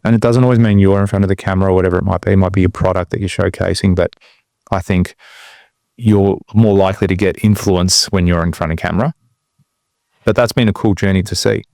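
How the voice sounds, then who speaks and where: A man's voice: sits low, fast talker, vocal fry, no room sound, studio quality. A man co-hosting a podcast, talking casually and telling stories from his business. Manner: relaxed storytelling. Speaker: podcast co-host.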